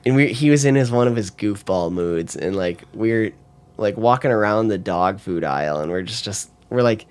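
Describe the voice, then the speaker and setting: A man's voice: on the low side, animated, normal speed, smooth. A young man chatting casually as a podcast guest, rambling through stories with many filler words and bursts of laughter. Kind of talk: casual chat.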